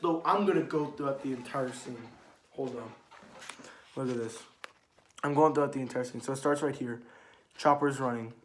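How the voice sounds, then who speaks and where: A man giving a casual spoken manga review, rambling and excitable, swearing freely and restarting his sentences. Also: a little high.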